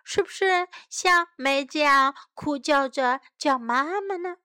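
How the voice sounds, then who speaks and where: A woman reading a bilingual children's story aloud slowly and gently, asking the young listeners questions and teaching English. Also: high voice, dry recording, clean studio sound. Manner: slow, gentle, clearly enunciated.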